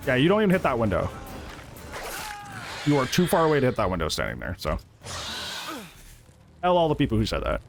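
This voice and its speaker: Male streamer, relaxed reactive play-by-play, animated delivery over background music. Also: mid-range voice, brisk, creaky, long pauses. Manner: chatty, reacts and laughs often, greets chat. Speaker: gaming streamer. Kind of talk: live gameplay commentary.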